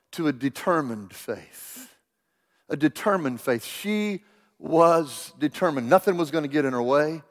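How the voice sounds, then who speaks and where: A man, preaching a sermon with stammering restarts, swinging between loud cries and hushed whispers. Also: on the high side. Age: 60s. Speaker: pastor. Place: church sanctuary. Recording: long hall reverb in a church.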